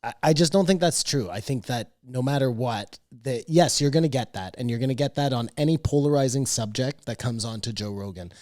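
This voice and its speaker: A man co-hosting a podcast in casual chat, arguing his points with halting restarts. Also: mid-range voice, a little mellow, dry recording, studio quality. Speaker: podcast co-host.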